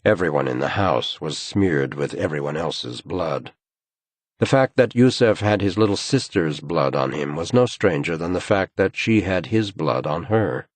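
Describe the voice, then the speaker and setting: Male audiobook narrator, very low voice, husky, measured and grave, dry close recording. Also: lively intonation, no echo. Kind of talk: scripted narration.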